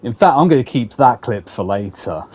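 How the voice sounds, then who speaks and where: A man's voice: medium pitch, sing-song, moderate pace, a little mellow, faint music behind. A man hosting a casual game review video with playful, sarcastic commentary. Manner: sarcastic, playful, laughs often. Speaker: gaming video host.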